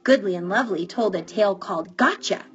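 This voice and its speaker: A woman reading a children's picture book aloud in an animated, expressive way. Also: mid-range voice, fast. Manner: animated, drawing out words for effect. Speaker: storybook reader. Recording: dull, muffled recording with faint music.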